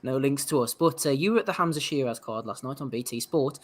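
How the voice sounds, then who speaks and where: A man's voice: mid-range voice, fast talker. A man hosting a casual podcast, introducing segments and teasing the guest. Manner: jokey, teasing. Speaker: podcast host.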